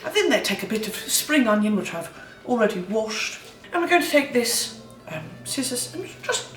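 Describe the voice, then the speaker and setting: With music playing behind her, a young woman in her twenties speaks at a moderate pace in an animated mid-range voice while hosting a funny cooking vlog. She puts on a playful fake English accent and throws in cheeky, profane jokes at her own expense. The mic is distant and the room echoes.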